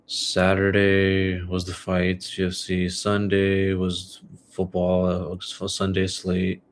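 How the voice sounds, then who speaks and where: Low flat-voiced young man rambling casually. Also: slow. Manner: rambling, filler-heavy, laid-back. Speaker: podcast host. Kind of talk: casual solo podcast chat.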